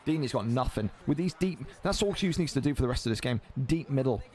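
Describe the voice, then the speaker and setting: A man commentating a video game football match with casual banter, animated and swearing freely. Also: medium pitch. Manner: animated, swears casually, quick play calls.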